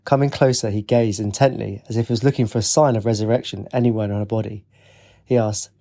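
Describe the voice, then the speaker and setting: A man reading a fantasy audiobook as narrator, in a measured, even reading. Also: lowish voice, vocal fry. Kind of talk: scripted narration.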